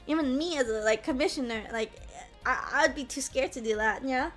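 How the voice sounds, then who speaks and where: Young woman streamer, high bright voice, chatty, lots of "like" and "yeah?", faint music behind. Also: fairly quick. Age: 20s. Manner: chatty, peppers speech with "like" and "yeah?". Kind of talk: casual live-stream chat.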